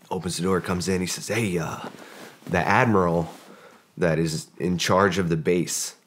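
A man, a former special forces operator, telling a long story in a casual podcast interview, rambling with many fillers and acting out the dialogue. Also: deep voice.

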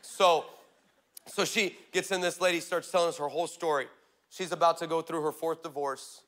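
A male pastor preaching a sermon, energetic and humorous, telling stories and building to shouts. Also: on the high side, normal speed. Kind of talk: sermon with storytelling.

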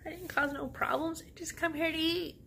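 A woman's voice: very high-pitched, brisk, vocal fry, a little hiss or hum. A woman vlogger telling a story in a casual way, sassy and full of slang. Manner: sassy, slangy, animated retelling.

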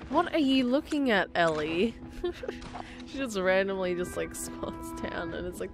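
Slow, giggly woman playing a game. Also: mid-range voice, expressive, soft background music. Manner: giggly, chatty, talks to the game characters. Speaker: gameplay commentator. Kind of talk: casual let's-play commentary.

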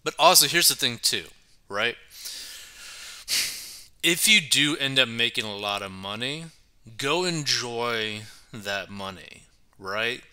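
A man's voice: mid-range voice, animated, slow, long pauses, bright, forceful tone, smooth. A man giving casual commentary on a news story, chatty and filling his talk with "right" and "like". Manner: chatty, keeps saying right and like. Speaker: commentary channel host.

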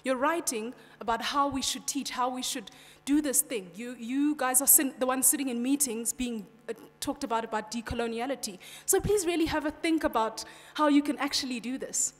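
A woman's voice: high voice, normal speed, few pauses. A young woman from South Africa with a British-sounding South African English accent, giving a passionate conference speech in a direct way, often saying "you know". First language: Xhosa. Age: young adult. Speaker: student speaker. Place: large hall. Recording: long hall reverb.

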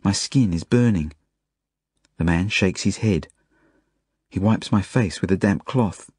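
A man reading an audiobook as a first-person narration, in plain, measured storytelling. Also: sits low, a little mellow, breathy edge, no echo, studio quality. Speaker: audiobook reader.

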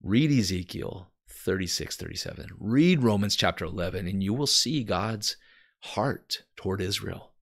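A man's voice: lowish voice, animated, moderate pace, vocal fry. An American man teaching from the Bible in an earnest, emphatic way, speaking straight to his viewers. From United States.

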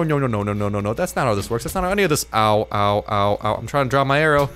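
A man giving casual let's-play commentary as a gaming video host, excitable and swearing, jumping into high-pitched yelps when startled. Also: fast, hardly any pauses, slight background noise. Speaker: gaming YouTuber.

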